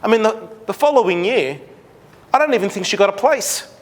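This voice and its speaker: A middle-aged Australian man giving an animated seminar talk to parents, acting out conversations with his daughter. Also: high-pitched, a little fast. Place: large school hall. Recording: long hall reverb.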